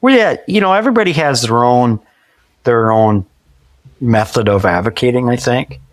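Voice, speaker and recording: A man in his forties, a podcast guest, telling his story conversationally, with many restarts and lively acted-out quoted dialogue. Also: medium pitch, normal speed, no echo, studio quality. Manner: acts out quoted dialogue vividly; frequent restarts and repeated words.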